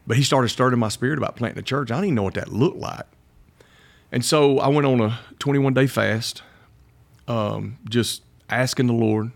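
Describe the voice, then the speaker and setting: A middle-aged man, a pastor telling his story in a casual interview, folksy and quick to laugh. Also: medium pitch, vocal fry. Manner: folksy, laughs often, quotes himself.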